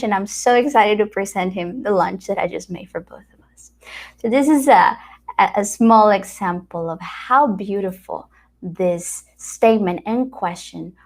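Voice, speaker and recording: A woman from America, giving a motivational talk full of personal anecdotes, acting out what people said and sometimes dropping to a soft whisper. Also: medium pitch. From Latin America. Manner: animated storyteller acting out quoted dialogue. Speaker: speaker at a wellness retreat center.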